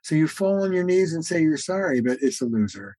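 Husky-voiced man teaching in a mellow tone. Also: fairly high pitch, sing-song, fairly quick, no room sound, poor audio. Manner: earnest, teaching tone, acts out quoted arguments, frequent "uh" fillers. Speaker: guest therapist and author. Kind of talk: podcast interview, explaining ideas.

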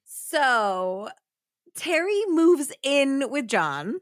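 Animated high-voiced woman podcast host. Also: drawn-out words, no echo, studio quality. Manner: animated, laughing, slangy storyteller. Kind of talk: casual true crime podcast storytelling.

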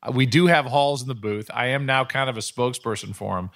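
A man's voice: mid-range voice, fairly quick, a bit bright, dry recording, clean studio sound. Middle-aged man telling rambling stories. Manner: rambling anecdotal storyteller. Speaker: podcast host and sports broadcaster. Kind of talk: casual chat.

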